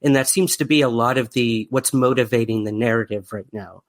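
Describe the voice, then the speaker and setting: A man's voice: mid-range voice, fairly quick. A man with a mid-range voice hosting a podcast interview. He asks his questions in a friendly way with plenty of ums and uhs, and reads out listener questions. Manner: friendly, filler-heavy questions. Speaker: podcast host.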